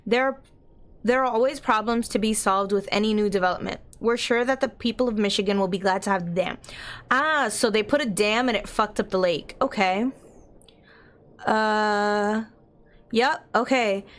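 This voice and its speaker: A woman's voice: on the high side, fairly bright tone. A young adult woman streaming a story game, chatting casually with giggles and gushing thanks to her viewers. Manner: bubbly, giggly, gushes at chat. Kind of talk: casual gameplay commentary.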